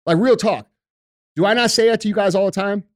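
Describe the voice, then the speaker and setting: A fiery podcast guest swears freely and talks in casual slang, calling everyone bro and dude. His voice is a bit high for a man and a little fast, sounding close and dry with no room sound at all.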